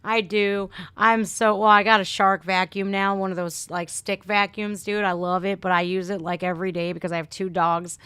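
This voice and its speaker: Chatty woman streamer with a low voice. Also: fairly bright tone, dry recording. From Northeast Ohio. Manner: chatty, swears freely, says "man" and "dude". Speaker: livestream host. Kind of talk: casual livestream chat reading comments.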